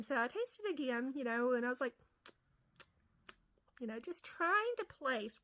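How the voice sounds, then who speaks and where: A woman's voice: high-pitched, animated, normal speed, pauses often, bright, forceful tone. A woman from West Virginia with an Appalachian accent, telling a casual story full of fillers and restarts. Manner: rambling, many fillers and restarts. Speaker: comedian vlogger.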